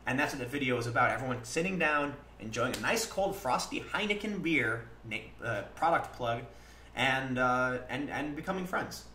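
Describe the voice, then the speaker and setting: Expressive and sharp in tone, this male livestream host keeps a medium pitch and moderate pace. He comments casually but earnestly, dramatizing back-and-forth dialogue. The sound carries a roomy echo plus faint background noise.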